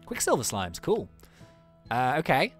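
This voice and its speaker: A let's-play host chatting excitedly through gameplay, laughing often and reacting out loud. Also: mid-range voice, a little slow, slightly rough, soft background music. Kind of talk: casual gameplay commentary.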